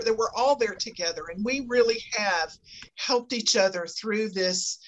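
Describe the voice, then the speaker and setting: A woman's voice: mid-range voice, slight background noise, rough recording. A woman, chatting on a podcast as a guest, emphatic and repeating her points in a folksy way. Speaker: guest, fan group admin. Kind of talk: casual podcast chat.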